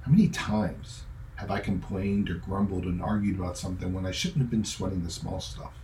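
A middle-aged man preaching with a mellow, warm tone. He talks in a relaxed, joking way and acts out the voices in his stories. The room around him is echoey. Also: low-pitched, a little fast, slight background noise. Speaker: pastor. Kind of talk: sermon.

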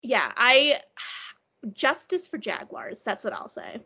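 A woman in casual book chat with a bright, high, bouncy voice, rambling with plenty of "like" and anxious humor. The sound is dull and lo-fi. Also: huge pitch swings, slow, creaky, breathy edge. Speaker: book podcast co-host.

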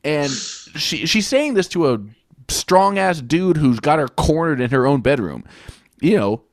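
A man hosting a podcast, retelling a film's plot in a casual, animated way, with swearing and mock quotes. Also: fairly high pitch, unhurried, dry recording, studio quality. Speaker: podcast host. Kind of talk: casual film review chat.

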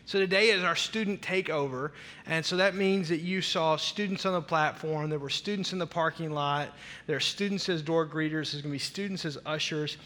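A man's voice: fairly high pitch, fairly quick, pushed and bright. A middle-aged man with a Southern US accent, a senior pastor giving a chatty, joking sermon welcome that rambles with restarts, on a stage microphone in a large church. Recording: long hall reverb.

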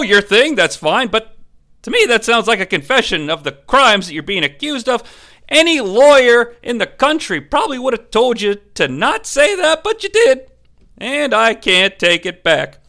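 A man's voice: extremely high pitch, sing-song, moderate pace, pushed and bright. A man giving an irreverent, crude, joking recap of a movie as host of a review show.

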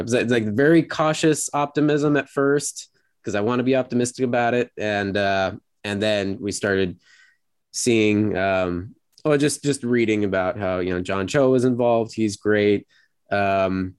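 A man with a low, smooth, resonant voice hosts a relaxed podcast conversation. He talks in an animated way and slips into mocking voices when he retells what others said. The sound is dry and close. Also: no room sound. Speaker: podcast host. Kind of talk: casual chat.

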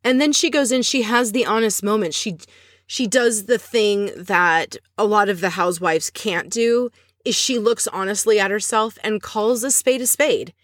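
A woman's voice: medium pitch, normal speed, no echo, studio quality. A woman hosting a podcast, chatting casually as she recaps scenes and adds opinionated asides. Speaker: podcast host recapping a reality show.

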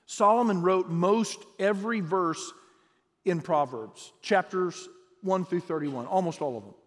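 A male pastor preaches in a notably high voice, speaking in an animated, chatty way with repeated restarts and light jokes. His sermon rings with a long reverb, as in a large hall.

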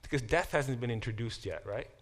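A middle-aged man teaching a class, explaining with lively examples and frequent restarts. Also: mid-range voice, brisk. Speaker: professor teaching a Bible class. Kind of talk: classroom lecture.

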